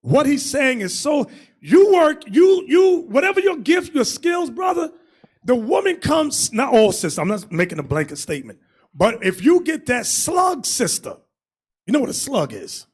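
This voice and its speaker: Male street preacher, high animated voice, loud bursts. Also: normal speed, slightly rough. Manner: preachy, shouting bursts, swings loud and soft. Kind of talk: street sermon commentary.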